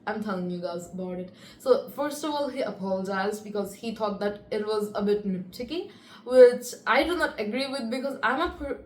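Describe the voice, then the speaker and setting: A chatty teenage girl with a fairly high voice talks casually to the camera, rambling through her story with lots of fillers. The room is echoey, with a faint hum of ambient noise behind her. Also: darkish tone. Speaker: student vlogger. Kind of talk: casual talking-to-camera vlog.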